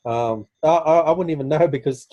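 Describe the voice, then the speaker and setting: A man's voice: a little high, a little fast, warm tone, dull audio. A young Australian man with an Australian accent, chatting casually as a guest over a video call, rambling with lots of "like" and "man".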